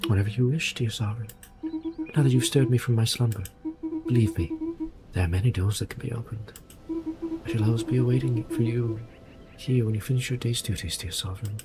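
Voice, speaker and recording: A man voicing an ancient female spirit who guards a tower, speaking in a grand, slow and flirtatious way. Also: medium pitch, loud music behind the voice, close to an everyday voice.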